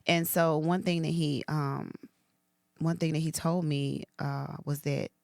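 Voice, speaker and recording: A woman co-hosting a podcast, telling a heartfelt personal story in a soft, emotional, conversational way. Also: low voice, fairly even intonation, measured pace, creaky, no echo, studio quality. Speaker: podcast co-host, hairstylist. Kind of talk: casual chat.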